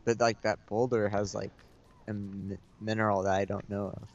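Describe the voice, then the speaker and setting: A lowish male voice in relaxed gaming chat with a friend, asking questions and hedging often. He sounds laid-back and unhurried, picked up by a dull, lo-fi home mic. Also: a little hiss or hum. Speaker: co-op player.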